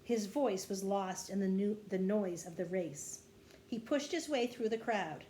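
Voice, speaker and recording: A woman, a kindergarten teacher, reading a children's chapter book aloud with expressive storytelling. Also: unhurried, slight background noise. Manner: expressive storytelling, dropping low after quotes.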